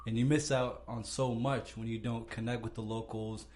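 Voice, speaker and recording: A man hosting a podcast, chatting in a relaxed, reflective way. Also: medium pitch, normal speed. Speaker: podcast host. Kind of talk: casual chat.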